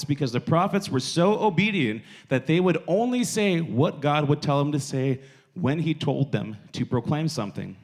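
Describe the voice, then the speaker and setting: Casual man preaching to youth. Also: on the high side. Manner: conversational, full of "like" and repeated phrases.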